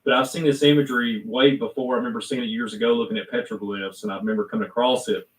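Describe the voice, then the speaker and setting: A male host in loose, rambling chat who keeps correcting himself and filling gaps with "you know." His voice is mid-pitched and sounds a little far from the mic. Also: fairly even intonation, fast talker. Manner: rambling, self-correcting, full of fillers. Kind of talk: casual talk-show chat.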